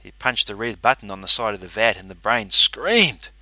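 Lower-pitched man narrating a story. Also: expressive, normal speed, sharp tone, no echo. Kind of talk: first-person story narration.

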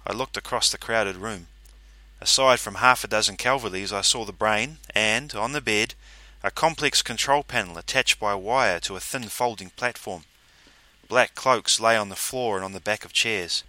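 A man's voice: lowish voice, moderate pace, bright, forceful tone, dry recording. A man reading a first-person story aloud, in a dry, matter-of-fact narrating manner.

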